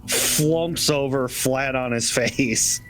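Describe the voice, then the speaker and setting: A man running a tabletop game as game master, describing events in slow, descriptive narration and chuckling now and then. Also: medium pitch, fairly bright tone.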